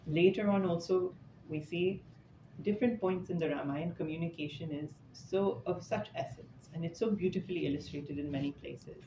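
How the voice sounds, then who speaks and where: Here a man with a slightly high voice moves at a moderate pace through an informal scripture talk. He tells stories in a relaxed, conversational manner with offhand asides, speaking to an audience indoors. The room recording has echo, a slightly dull quality, and faint noise.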